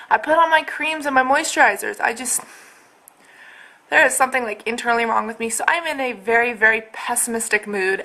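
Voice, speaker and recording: A woman's voice: fairly high pitch, sharp tone. A young woman in a casual video update at home, talking to her camera in a rambling, exasperated way full of fillers. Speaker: vlogger. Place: at home, indoors.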